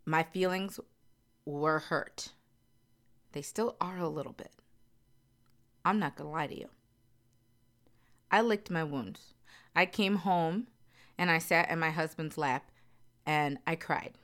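A woman's voice: low-pitched, slow, long pauses, a bit bright. A middle-aged woman speaking candidly and earnestly to her viewers, repeating phrases for emphasis. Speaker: vlogger. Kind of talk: candid personal talk to viewers.

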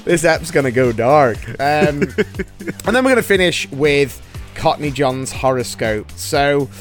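Man, podcast host, jokey, lively swooping voice, slow delivery. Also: a little high, faint music behind. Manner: jokey and playful, laughs often. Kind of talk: casual podcast chat.

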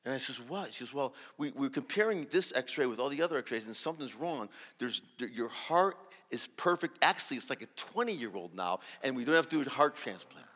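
A man giving a sermon as a guest preacher, telling a story and acting out the dialogue with lively energy and many restarts. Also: mid-range voice, fairly quick, long reverb tail. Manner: animated, acts out dialogue, restarts often. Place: large church hall.

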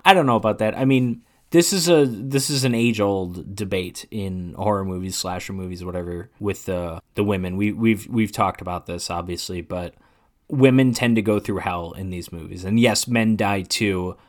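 A man co-hosting a casual movie podcast, animated and laughing often, trailing off quietly at the ends of thoughts. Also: fairly low pitch, moderate pace. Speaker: podcast co-host. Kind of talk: casual chat.

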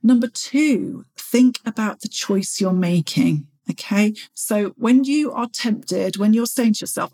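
A woman's voice: medium pitch, lively intonation, moderate pace, few pauses, darkish tone, husky. A woman, hosting a fitness podcast in a chatty, encouraging way. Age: 40s. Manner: chatty and encouraging, acts out her own inner voice. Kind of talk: motivational solo podcast talk.

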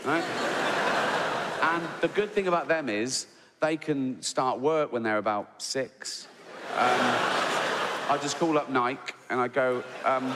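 A man's voice: medium pitch, unhurried, very noisy. A man doing a stand-up comedy set, crude and sardonic, acting out little scenes as he goes. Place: large theater with live audience. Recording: long hall reverb with loud audience laughter.

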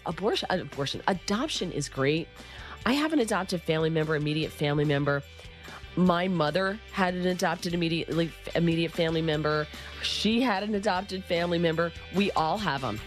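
A woman talk radio host with a cold, her voice sitting low. She chats casually and restarts her sentences, with faint music playing under her. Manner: warm, chatty, self-correcting. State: nursing a cold, husky.

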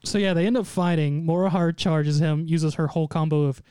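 Host, male, upper-pitched, smooth dry voice, animated storyteller recapping an episode. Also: fairly quick, no echo. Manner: animated storytelling, mock quotes in put-on voices, frequent laughter. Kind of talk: casual recap chat.

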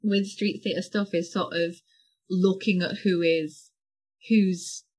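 A woman's voice: on the low side, takes it slowly. A woman improv performer chatting as a podcast guest, telling stories with lots of laughter and acted-out voices. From North West England. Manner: animated storyteller, laughs often, acts out voices. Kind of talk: casual interview chat.

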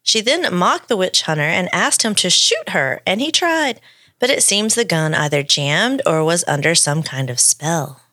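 A woman's voice: fairly low pitch, sing-song, moderate pace, pushed and bright, dry recording, studio quality. A woman co-hosting a podcast, reading a story aloud with playful asides. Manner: reads the script with playful asides. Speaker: podcast co-host.

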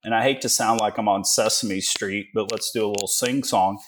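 A man's voice: on the low side, fairly even intonation, fairly quick, a little hiss or hum. A Texan man in his forties, a guest telling stories in a folksy, joking way with many fillers. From Texas. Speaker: guest, energy investor. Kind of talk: casual interview talk.

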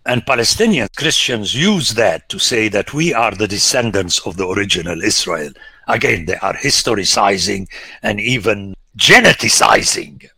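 A man, a priest, giving an emphatic biblical lecture, swinging between loud exclamations and hushed whispers. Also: fairly low pitch, lively intonation, vocal fry, husky, no room sound. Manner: slow, deliberate, rhetorical.

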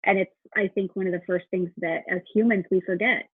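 Husky woman host on a tinny phone line. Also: medium pitch, fairly even intonation, fairly quick, no room sound. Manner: warm, hesitant, many fillers. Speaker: podcast host. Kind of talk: interview conversation.

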